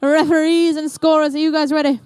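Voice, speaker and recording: High-voiced playful New woman commentator. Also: level tone, brisk, darkish tone, no room sound. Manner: playful, chatty, upbeat. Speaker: event commentator. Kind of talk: live competition commentary. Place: indoor competition venue.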